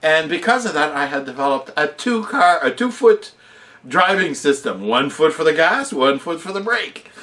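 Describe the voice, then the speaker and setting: A man's voice: a little high, normal speed. A man vlogging, telling a rambling personal anecdote in a casual, self-mocking way and often chuckling at himself. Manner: animated, rambling storyteller who laughs at himself.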